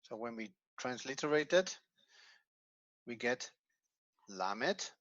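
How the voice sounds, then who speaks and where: A middle-aged man teaching a grammar lesson, explaining slowly and step by step, a non-native English speaker whose first language is Dutch. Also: mid-range voice, expressive, fairly bright tone, no room sound, muffled recording. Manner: slow, methodical explaining step by step. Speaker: Hebrew teacher.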